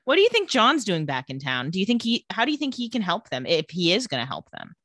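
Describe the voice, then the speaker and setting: A woman's voice: mid-range voice, huge pitch swings, fast talker, fairly bright tone, no room sound, clean studio sound. A woman co-hosting a podcast, casually retelling plot step by step and asking her co-host questions. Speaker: podcast co-host recapping a TV episode. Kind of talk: casual chat.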